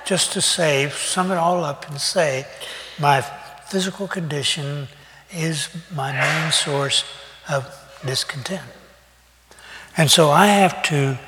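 An older man giving a sermon, talking in a conversational, folksy way with pauses and fillers. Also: a little high, fairly bright tone. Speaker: preacher. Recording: long reverb of a hall.

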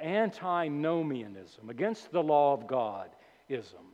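Emphatic preacher in a reverberant hall. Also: male voice, fairly high pitch, animated, a little mellow. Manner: emphatic, deliberate, repeats key words slowly. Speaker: pastor. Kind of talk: sermon. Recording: dull lo-fi sound with long hall reverb.

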